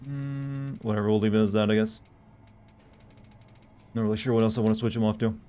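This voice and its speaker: A man's voice: on the low side, steady tone, brisk, mellow. Man rambling profanely over his gameplay. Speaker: streamer. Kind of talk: casual live-stream gaming commentary. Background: faint game music.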